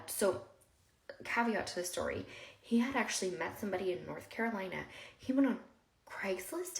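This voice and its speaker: A woman's voice: on the low side, gravelly. A woman telling her own story with strong emotion, acting out what people said in raised voices. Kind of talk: personal storytelling. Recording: echoey room.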